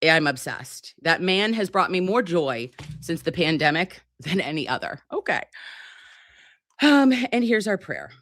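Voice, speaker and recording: Lively, foul-mouthed woman streamer. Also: lowish voice, measured pace, dry recording. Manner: profane, playful, teasing; animated, swooping delivery. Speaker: live-stream host. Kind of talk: casual live-stream commentary.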